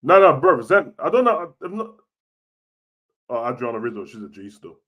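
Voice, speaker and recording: A man's voice: medium pitch, normal speed. Slangy young man chatting. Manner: casual slangy and animated, swings loud and soft. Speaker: wrestling show host. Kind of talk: live-stream chat reading comments.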